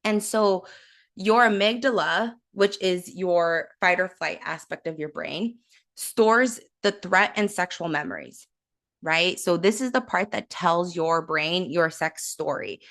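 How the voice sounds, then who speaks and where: A woman's voice: fairly low pitch, slow, a bit bright. A woman giving a casual, earnest talk as a self-love coach, conversational and encouraging, often tagging her points with "right?".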